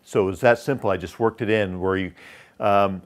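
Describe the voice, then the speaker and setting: A man with a lowish voice gives a sales training lesson. He talks in an instructive way, slowing down to stress key phrases and letting his pitch drop to show how a commanding voice sounds. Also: fairly even intonation. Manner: demonstrates tonality with dropping pitch, slow emphatic phrases. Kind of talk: instructional talk.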